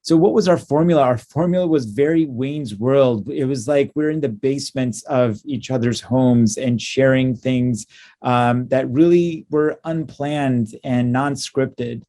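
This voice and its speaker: Male clinician presenter, mellow voice, hesitant delivery with frequent fillers, conference talk. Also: medium pitch. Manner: halting, many ums and uhs, warm and upbeat.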